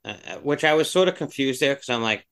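A man co-hosting a horror film podcast, talking casually and thinking out loud. He rambles with plenty of "like" and "kinda" as he works through his point. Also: mid-range voice, animated, quick pace. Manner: rambling, many fillers. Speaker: podcast co-host.

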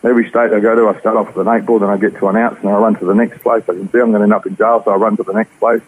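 A man with an Australian accent telling his personal story in rough, slangy speech as an interview guest. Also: on the low side, level tone, racing, phone-quality sound. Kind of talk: personal testimony.

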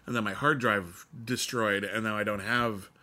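A man co-hosting a podcast in casual, animated chat, laughing and quoting film lines. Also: on the low side, moderate pace. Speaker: podcast co-host.

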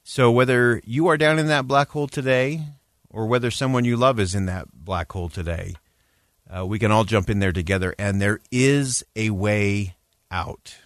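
A man giving an earnest public address on a news broadcast, measured and emphatic, with frequent "uh" fillers. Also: on the low side, dry recording, clean studio sound.

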